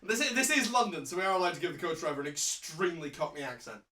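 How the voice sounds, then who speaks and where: A man riffs on the text in casual banter, laughing and swearing freely. His pitch swings widely and his tone is bright. He sounds distant from the mic in an echoey room with faint background noise. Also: very animated, racing. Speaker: co-host and drinking game co-author.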